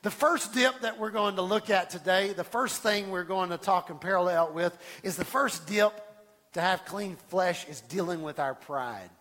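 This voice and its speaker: A man pastor preaching a sermon in church, animated, stumbling over restarts and acting out the voices of people he quotes. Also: sits high, normal speed, in a large hall. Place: church sanctuary.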